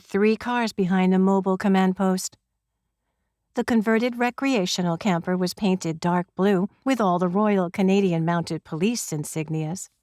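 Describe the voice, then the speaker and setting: A woman's voice: medium pitch, darkish tone, no room sound. A woman reading a first-person crime audiobook in a wry, conversational storytelling manner, close to the mic. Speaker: audiobook narrator.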